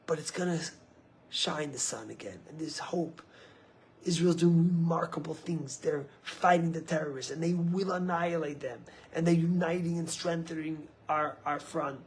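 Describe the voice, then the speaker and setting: A man speaking as a rabbi, giving a sermon with stories, swinging from low, quiet phrases to high, emphatic peaks. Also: normal speed, slight background noise. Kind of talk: sermon with storytelling.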